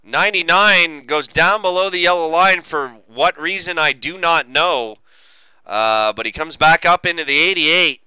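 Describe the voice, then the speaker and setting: A man commentating a sim racing league, excitable with crude asides. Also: on the high side, a little slow, smooth, no room sound, low-quality recording. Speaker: race commentator.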